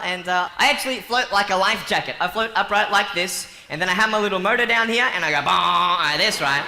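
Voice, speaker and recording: A man joking and telling stories to a live audience in a playful, animated way. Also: high voice. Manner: playful, jokey, animated storytelling. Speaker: motivational speaker. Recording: long hall reverb with faint noise.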